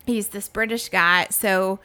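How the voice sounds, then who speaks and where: A woman's voice: mid-range voice, slow pace. A woman co-hosting a podcast in a casual chat, telling stories and acting out the people in them. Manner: animated, acts out the voices in her stories, laughs a lot. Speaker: podcast co-host.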